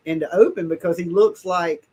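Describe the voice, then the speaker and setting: A man's voice: high-pitched, brisk, warm tone, slightly rough. A man hosting a live call-in show, telling stories in blunt slang with casual swearing.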